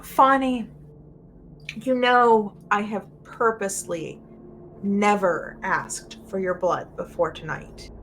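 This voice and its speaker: A woman's voice: medium pitch, animated, slow pace, fairly bright tone, slight background noise. A woman player in a tabletop game, speaking her character's lines earnestly, at times pleading. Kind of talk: in-character tabletop role-play.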